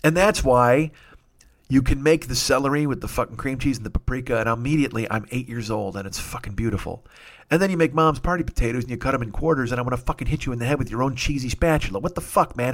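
A middle-aged man hosts a podcast, talking at an ordinary mid pitch. He rambles through a comic monologue full of swearing and now and then bursts out loudly. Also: fast. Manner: profane, animated, with sudden loud outbursts.

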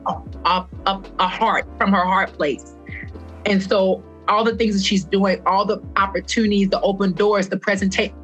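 A fitness instructor past her twenties speaks earnestly as a guest in a heartfelt podcast conversation, repeating phrases for emphasis. Her voice is mid-range and a little bright.

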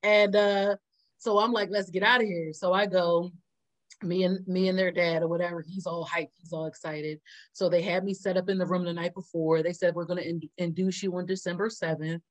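Her pitch is fairly low and she talks a little fast as she shares a story on a laid-back chat she co-hosts. Laughter comes often, and she performs the quoted lines with plenty of animation.

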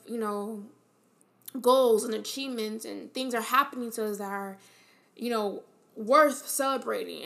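As a podcast host, a woman with a slightly high, somewhat bright voice gives a motivational monologue in an earnest, encouraging tone. Her delivery is casual and full of fillers, and she repeats her key phrases to drive them home.

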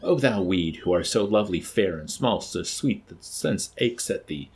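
Guy reading an angry unhinged young man, shouting and ranting, low husky voice. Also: lively intonation, normal speed, heavily acted. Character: enraged, unstable young man.

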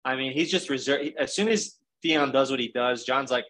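A man's voice: medium pitch, moderate pace, fairly bright tone, poor audio. A man in casual film discussion, thoughtful and a bit hesitant as he searches for words.

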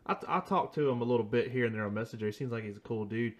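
Podcast host, male, 30s, mid pitch, easygoing, rambling, quick to laugh. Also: dull audio. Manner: laid-back, laughs easily, rambling asides. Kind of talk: casual podcast chat.

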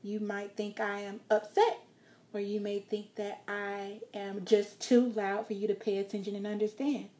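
A woman with a mellow, warm tone teaching a lesson on vocal delivery. She speaks in a calm, reassuring way and plays with her volume and pace to demonstrate her points. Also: mid-range voice, moderate pace. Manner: calm, encouraging, shifts loudness and pace to demonstrate. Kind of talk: instructional talk.

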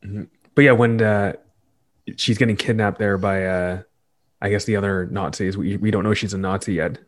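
Homem de voz grave que ri fácil. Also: male voice, lowish voice, steady tone, normal speed. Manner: laughs often, teasing. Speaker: podcast co-host. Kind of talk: casual movie review chat.

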